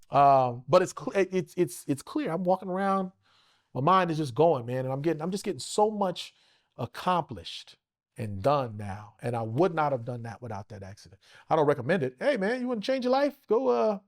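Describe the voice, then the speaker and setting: A man's voice: on the high side, expressive, normal speed. A middle-aged man from Los Angeles, a guest telling stories in a casual, profane interview and acting out the voices of people he quotes. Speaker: actor guest.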